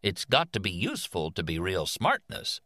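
A man's voice: sits low, huge pitch swings, moderate pace, pushed and bright, dry recording, clean studio sound, full character voice. A man voicing an elderly, white-haired male teaching machine with a put-on Kansas drawl, kindly and homespun. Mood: folksy musing. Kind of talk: audiobook character voice.

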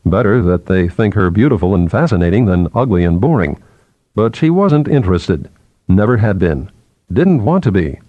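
A man narrating a novel in a measured, expressive way. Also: low-pitched, no echo, narrow, tinny audio. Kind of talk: scripted audiobook narration.

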